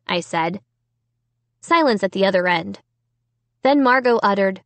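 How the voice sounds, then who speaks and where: A woman's voice: mid-range voice, lively intonation, unhurried, long pauses, no room sound. A woman narrating a scary children's book in first person, with dramatic, tense storytelling. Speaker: audiobook narrator. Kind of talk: expressive audiobook reading.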